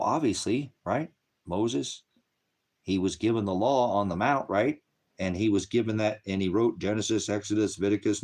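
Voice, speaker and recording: A man hosting a ministry livestream, angrily and profanely berating commenters in his chat while lecturing on scripture. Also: lowish voice. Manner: angry, profane, combative; heckling and lecturing.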